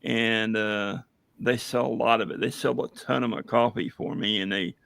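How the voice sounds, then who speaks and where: A hoarse man chatting casually on a livestream as a veteran guest, rambling with many fillers and telling jokes. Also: lowish voice, steady tone, normal speed, fairly bright tone. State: hoarse, losing his voice. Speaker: veteran guest running a coffee business.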